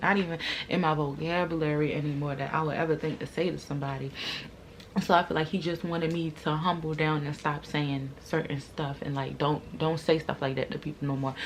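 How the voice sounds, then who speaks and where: A young adult woman vlogger telling a storytime to camera in casual slang, acting out other people's lines and laughing often. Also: slight background noise. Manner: animated, acts out quoted lines with big jumps in pitch and loudness.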